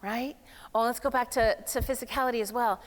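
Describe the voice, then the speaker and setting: A woman giving a lively, playful workshop talk at a summit, speaking casually to a live room. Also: fairly high pitch, fast. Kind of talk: energetic motivational workshop talk. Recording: long hall reverb.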